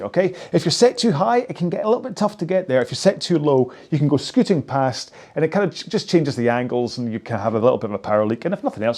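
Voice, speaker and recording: A man's voice: a little high, a little mellow. A man giving chatty, jokey, encouraging instructions while he rows along on a rowing machine. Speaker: rowing coach. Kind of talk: follow-along workout instruction.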